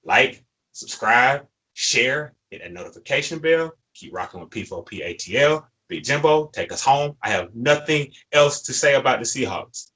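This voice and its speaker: Frustrated and heated, this male co-host of a sports fan show keeps circling back to the same points with emphasis. He speaks at normal speed in a medium-pitched, expressive voice that is bright and forceful, though the audio quality is poor.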